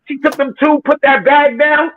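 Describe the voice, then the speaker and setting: A man hosting a football watchalong, telling animated stories with plenty of swearing. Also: extremely high pitch, normal speed, phone-quality sound. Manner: animated storytelling, heavy swearing, acts out quotes. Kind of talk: casual watchalong chat.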